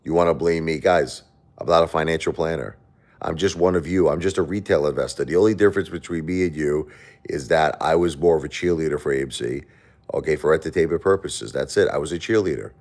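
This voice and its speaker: A middle-aged man with a very low voice hosts a casual livestream. He answers viewer questions defensively, circling back to the same points. When he tells a story, he turns it into an animated retelling. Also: brisk. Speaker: livestream host.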